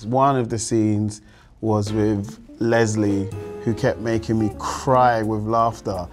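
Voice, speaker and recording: A man with a London accent slowly telling a funny story from a film set. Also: lowish voice, fairly even intonation, over music. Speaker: actor. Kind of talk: casual anecdote.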